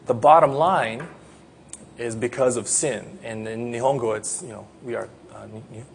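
A man preaching at a baptism, earnest, swinging from quiet teaching to loud pleading prayer. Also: mid-range voice, measured pace, creaky, a little hiss or hum. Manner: earnest, rises to loud pleading prayer then drops soft. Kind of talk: sermon.

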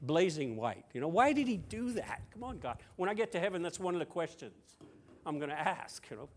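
A man preaching a sermon, retelling a scripture story conversationally with playful humorous asides, moving between loud emphasis and soft near-whispers. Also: a little high, sing-song, a little fast, slight background noise.

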